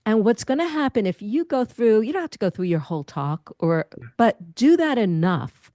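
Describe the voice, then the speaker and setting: Mellow-voiced woman speaking coach. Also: medium pitch, normal speed, no echo, studio quality. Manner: expressive, demonstrates voice habits. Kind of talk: interview guest giving advice.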